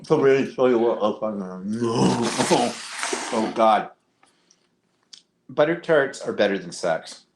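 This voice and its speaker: A man's voice: medium pitch, animated, slow, pauses often, a little hiss or hum. A man co-hosting a casual live-stream chat, campy with theatrical exclamations and cheeky jokes. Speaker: co-host.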